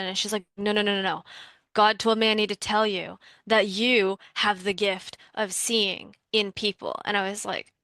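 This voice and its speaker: Bright-voiced chatty young woman storyteller. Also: mid-range voice, normal speed, no room sound. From Canada. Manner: chatty, animated storytelling with frequent "like" fillers. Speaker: workshop participant. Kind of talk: casual storytelling.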